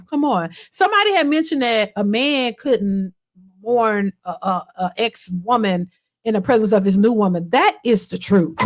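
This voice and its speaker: Brief: high-pitched woman host, casual reaction commentary, blunt and emphatic. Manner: blunt, emphatic, repeats her points.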